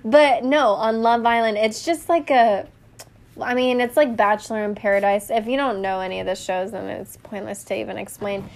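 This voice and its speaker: A woman's voice: fairly high pitch, steady tone, normal speed, gravelly. A young woman chatting casually as a podcast co-host, rambling and laughing often. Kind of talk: casual chat.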